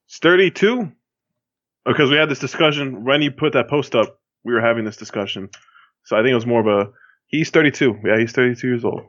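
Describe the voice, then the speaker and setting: A man's voice: medium pitch, brisk, fairly bright tone, no echo. Rambling man on a dull lo-fi mic. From Miami, Florida. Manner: rambling, with many fillers and restarts. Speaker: podcast co-host. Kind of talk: casual chat. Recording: dull lo-fi sound.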